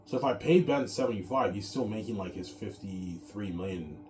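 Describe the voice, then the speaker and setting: A man's voice: fairly low pitch, animated, brisk, reverberant, over music. A man hosting his own show in a casual, rambling monologue, repeating himself and tagging his sentences with "man.". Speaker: show host.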